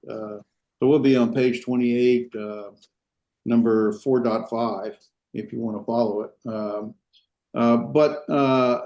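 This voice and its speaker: Mellow-voiced man lecturing a class. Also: mid-range voice. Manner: unhurried, many fillers and restarts, explains step by step. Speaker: Hebrew instructor. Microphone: video call.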